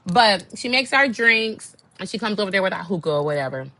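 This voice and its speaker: A woman's voice: mid-range voice, fairly quick, dry recording. Sassy woman telling a dating story. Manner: animated, sassy, acts out quotes. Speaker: podcast host. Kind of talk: casual storytelling monologue.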